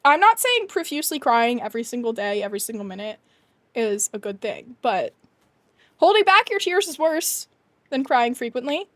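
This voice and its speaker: A woman's voice: fairly high pitch, big pitch swings, normal speed, a bit bright, dry recording. A young adult woman streaming, chatting casually and animatedly to her viewers, laughing often and ranting with emphasis. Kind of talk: casual chat to live chat.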